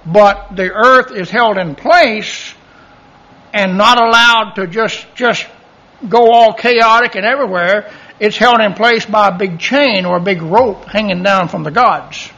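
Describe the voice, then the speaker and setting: A man's voice: high voice, unhurried, bright, forceful tone, highs cut off. A man preaching a folksy, conversational sermon, acting out bits of dialogue and chuckling as he goes.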